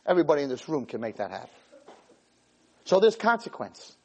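A man giving a lively Torah sermon to a class of girls, telling stories and acting out the dialogues, in a room with a live audience. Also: on the high side, brisk, breathy edge. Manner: animated, storytelling, acts out dialogues. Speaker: Torah lecturer.

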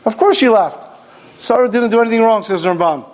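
Animated high-voiced male Torah teacher. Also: fairly quick, a little hiss or hum. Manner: animated storytelling, acts out quoted voices. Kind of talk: Torah class lecture.

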